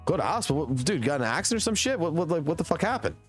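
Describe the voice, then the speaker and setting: A man's voice: a little high, big pitch swings, racing, soft background music. A man in his thirties telling a long anecdote on a live stream, swearing constantly and rambling. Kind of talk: casual storytelling on a live stream.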